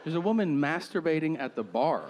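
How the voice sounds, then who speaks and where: A man's voice: a little high, brisk, muffled recording, a little hiss or hum. A man telling a funny story, acting out other people's lines and laughing as he talks. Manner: animated, acts out other people's lines, laughs while talking. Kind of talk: storytelling anecdote.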